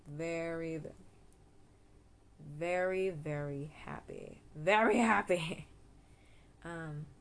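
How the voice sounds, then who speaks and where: Low-voiced woman chatting casually, rambling. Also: darkish tone. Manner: rambling, giggly, self-interrupting; playful, drawn-out name demonstrations. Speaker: podcast host giving English tips. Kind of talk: casual solo chat.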